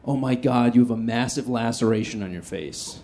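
A man's voice: mid-range voice, a little fast, mellow, slight background noise, pitched below the performer's own voice, natural voice. A prim older woman stranger, as a man puts her on. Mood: concerned.

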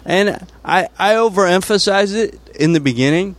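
A man, a comedian guest, talking casually and haltingly, full of fillers and restarts. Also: high voice, no room sound. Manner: hesitant, many fillers and restarts. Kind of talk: casual conversation.

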